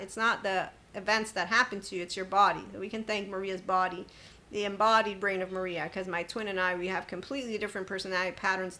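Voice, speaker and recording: A woman's voice: mid-range voice, pushed and bright. A woman hosting a spiritual self-help podcast, talking in an emphatic, chatty monologue. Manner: emphatic, chatty, quoting others with sudden laughs. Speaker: podcast host.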